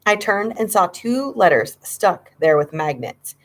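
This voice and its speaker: A woman's voice: lowish voice, expressive, normal speed, few pauses. A woman narrating a children's horror story, reading with dramatic suspense. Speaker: audiobook reader.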